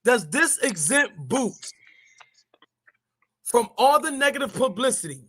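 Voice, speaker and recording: A man's voice: very high-pitched, big pitch swings, a little slow, crowd noise. A man hosting a boxing podcast, reading updates and putting questions to a caller. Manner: reads updates, then hands over to the guest with questions. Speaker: podcast host.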